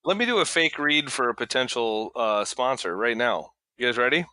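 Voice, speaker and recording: Bright-voiced man rambling on a podcast. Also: mid-range voice, animated, moderate pace, no echo. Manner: rambling, restarts and stumbles over words. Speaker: podcast co-host. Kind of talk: casual banter among friends.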